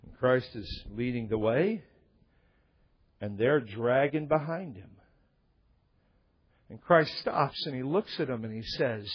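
A man preaching a sermon in a loud, emphatic, passionate way, often repeating words as he goes. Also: mid-range voice, expressive, moderate pace, pauses often, slightly rough, dull audio.

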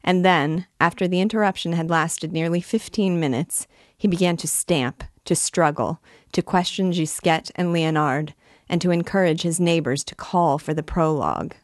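A woman reading a classic novel aloud in a measured, expressive way. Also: lowish voice, no echo, clean studio sound. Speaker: reader and teacher.

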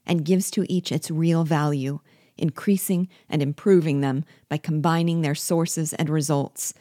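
A woman reading the part of a timid, terrified male prisoner who pleads and flatters in flowery words. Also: sits low, measured pace, no room sound, clean studio sound. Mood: flattering.

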